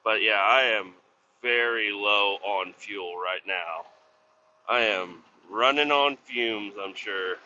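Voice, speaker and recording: Profane ranting trucker man, bright voice. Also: on the low side, takes it slowly, muffled recording, slight background noise. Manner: profane, ranting at other drivers. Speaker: truck driver. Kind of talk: casual driving vlog. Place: inside a truck cab on the highway.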